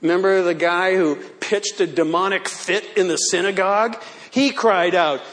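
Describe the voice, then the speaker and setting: A man's voice: high-pitched, moderate pace, fairly bright tone. A male pastor delivering a sermon in a church, playful and theatrical, often laughing.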